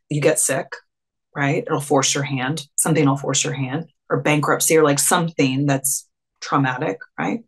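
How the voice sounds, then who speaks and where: A woman coach talking casually as a webinar guest, full of fillers and acted-out quotes. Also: sits low. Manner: chatty, filler-heavy, acts out quoted dialogue. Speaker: clarity and confidence coach.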